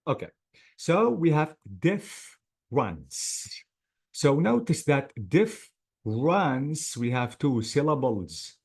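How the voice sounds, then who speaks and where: A man's voice: fairly high pitch, sing-song, unhurried, creaky, darkish tone. A male English teacher giving an online class lecture, patiently drilling words syllable by syllable.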